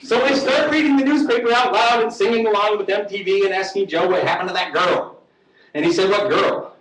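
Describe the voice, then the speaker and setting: A man's voice: high-pitched, fairly quick, a crowd in the background. A man reading a comic story aloud to a live audience, wry and profane, acting out the voices. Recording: echoey room, distant mic, faint noise.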